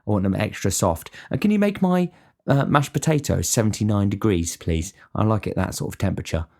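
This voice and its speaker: A man putting on the voice of a picky, entitled restaurant customer in a whiny, higher voice. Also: lively intonation, fairly quick, gravelly, dark tone. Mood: fussy.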